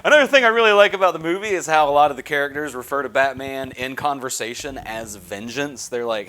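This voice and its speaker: A man's voice: medium pitch, fast talker, few pauses, bright, forceful tone. A man giving a scripted comedy film review, joking crudely and swearing freely. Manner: crude, jokey, profane.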